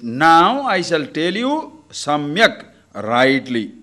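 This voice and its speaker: Older spiritual teacher, playful lecturer with lively, lilting delivery. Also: male voice, fairly high pitch, slow. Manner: animated, teasing, acts out little scenes.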